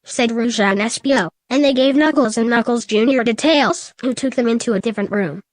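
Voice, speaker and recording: A woman narrating a comedic fan story in a flat, deadpan reading. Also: fairly high pitch, fairly quick, hardly any pauses, no room sound.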